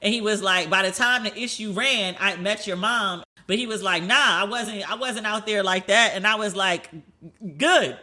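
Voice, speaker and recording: A woman hosting a solo podcast, telling stories in a chatty, animated way and acting out the people she quotes. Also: mid-range voice, normal speed, few pauses. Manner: chatty, animated, swears, acts out quoted dialogue. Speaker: podcast host.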